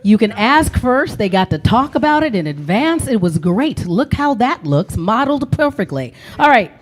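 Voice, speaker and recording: Bubbly high-voiced woman host. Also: sing-song, normal speed. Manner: bubbly, laughs often. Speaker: game show host. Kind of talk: live comedy game show hosting.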